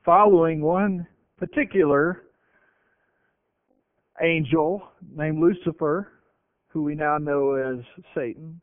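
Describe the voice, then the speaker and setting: A man preaching a sermon and retelling scripture with animated voices. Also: a little high, takes it slowly, long pauses, clean tone, no echo. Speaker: pastor. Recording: tinny phone-like radio broadcast.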